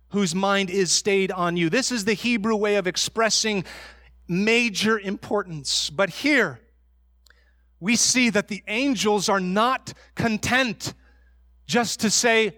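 A man preaching a sermon as pastor, emphatic, and slowing down on key words. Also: high voice, bright, forceful tone, no echo, studio quality. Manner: emphatic preaching, slows for stress.

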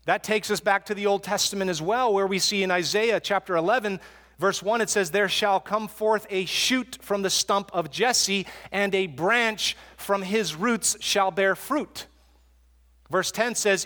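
Male preacher, high voice, earnest expository sermon, long hall reverb, stumbles and repeats words. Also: fairly bright tone.

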